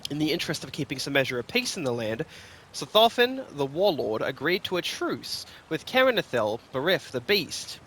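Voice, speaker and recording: A man reading fantasy lore stories aloud in an expressive, rhythmic storytelling manner. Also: a little high, normal speed, slight background noise. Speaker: lore reader.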